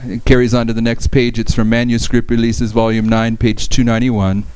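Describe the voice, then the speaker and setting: A man's voice: mid-range voice, flat delivery, fairly quick, darkish tone, clean tone, no echo, rough recording. A man giving a Bible study lecture, reading verses aloud and explaining them with frequent restarts.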